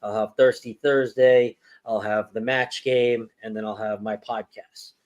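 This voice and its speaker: A man's voice: fairly low pitch, steady tone, a little slow, a little mellow, muffled recording. A man hosting a livestream, chatting casually about streaming tech with many "you know" fillers, speaking into a microphone set off in the corner of the room. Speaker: livestream host. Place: home streaming setup.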